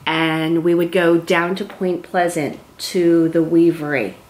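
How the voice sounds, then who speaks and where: Lower-pitched woman in her fifties. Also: steady tone, unhurried, a little mellow. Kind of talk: casual chat.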